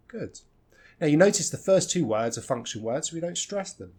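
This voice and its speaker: A man with a non-rhotic British accent teaching English pronunciation, slowly demonstrating the weak and strong forms of words and repeating them. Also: on the high side, expressive, slightly rough. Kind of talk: pronunciation lesson.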